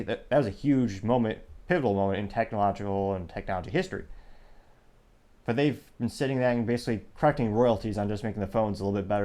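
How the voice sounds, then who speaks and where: A man's voice: lowish voice, a little mellow. A man hosting his own podcast, talking through tech news in a loose, sarcastic monologue full of asides and restarts. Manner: sarcastic, self-interrupting, digressive. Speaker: podcast host. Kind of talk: casual commentary monologue.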